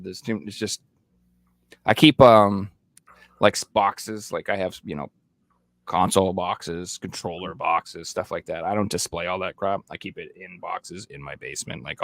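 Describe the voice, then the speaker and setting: A man's voice: creaky, dry recording. A young man guesting on a podcast, talking casually and animatedly with plenty of swearing. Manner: animated, swears freely, jumps into high voices for jokes. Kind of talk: casual chat.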